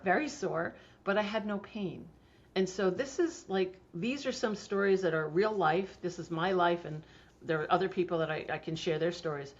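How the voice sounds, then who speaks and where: A middle-aged woman with a slightly low voice tells stories in a relaxed, chatty way and uses plenty of fillers. The recording sounds dull and lo-fi. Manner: chatty storytelling, laughs often, frequent fillers. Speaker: homeopathy practitioner, guest. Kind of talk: casual interview talk.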